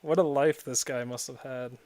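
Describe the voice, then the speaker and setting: A man's voice: mid-range voice, fairly even intonation, normal speed, darkish tone, no room sound, clean studio sound. A young man streaming and chatting casually while gaming, rambling and often laughing at his own stories.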